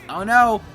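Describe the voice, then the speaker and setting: A man's voice: high voice, pushed and bright. A man in his twenties doing rambling, profane let's play commentary over a game. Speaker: gameplay commentator. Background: game music.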